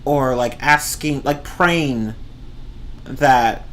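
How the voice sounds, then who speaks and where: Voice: medium pitch, extremely slow, a little hiss or hum. A streamer ranting casually about movies, rambling and swearing, often breaking into laughter. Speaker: streamer reviewing films. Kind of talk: casual rant.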